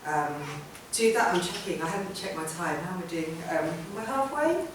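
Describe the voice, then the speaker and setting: A woman's voice: fairly low pitch, expressive, normal speed, noisy background. A woman artist giving an informal public talk about her work, chatty and rambling, with many ums and restarts. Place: event room or hall. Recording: roomy hall sound from a distant mic.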